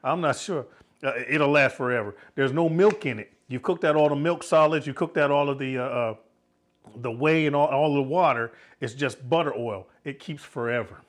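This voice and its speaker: A man's voice: medium pitch, moderate pace. A middle-aged man hosting his home cooking vlog, laid-back and jokey, laughing often as he chats. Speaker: cooking channel host. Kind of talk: casual cooking vlog chat.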